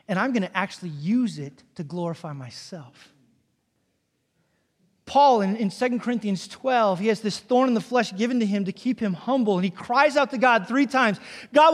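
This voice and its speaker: A male pastor preaching a sermon, telling lively stories, acting out quoted voices and dropping to a hushed near-whisper. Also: high-pitched, big-room sound.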